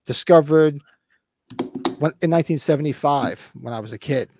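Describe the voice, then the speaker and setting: A man in his fifties co-hosting a casual livestream podcast, excited, swearing freely and acting out movie lines. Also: on the high side, moderate pace, background noise. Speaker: podcast co-host.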